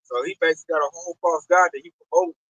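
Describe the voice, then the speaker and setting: A man's voice: a little high, fairly even intonation, rapid-fire, fairly bright tone, no room sound, far from the mic, lo-fi sound. A man hosting a religious discussion, ranting animatedly with lots of slang and repetition. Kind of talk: preachy religious talk.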